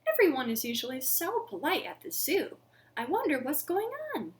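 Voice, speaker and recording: A woman voicing a cheerful, polite male lion who wonders aloud in a bright, sing-song way. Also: high voice, very animated, normal speed. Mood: curious excited.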